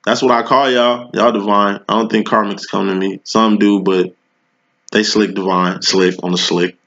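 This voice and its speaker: A man's voice: on the low side, flat delivery, moderate pace, fairly bright tone. A man giving a casual tarot reading, talking in slang and preaching, always checking in with "you know what I'm saying". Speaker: tarot reader. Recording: dull lo-fi recording.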